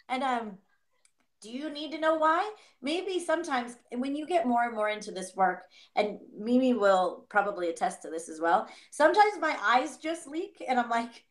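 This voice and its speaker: A woman co-hosting a tarot reading in a lively, casual way, slipping into playful inner voices as she talks. Her voice sits a little high. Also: normal speed. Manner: animated, acts out inner voices, laughs often. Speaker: tarot reader co-host. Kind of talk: casual spiritual reading chat.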